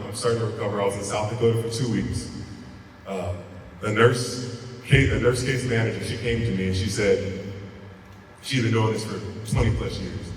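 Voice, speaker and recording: A man giving an earnest, halting inspirational talk as a guest speaker, often repeating words as he tells a personal story. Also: fairly low pitch, slight background noise. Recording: echoey hall, speaker far from mic.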